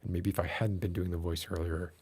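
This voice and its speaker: A man's voice: sits low, flat delivery, a little fast, a little mellow, breathy edge. A man streaming and chatting casually, ranting with mock outrage and laughing at himself. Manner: rants with mock outrage, voice rising when worked up. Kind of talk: casual chat with a live audience.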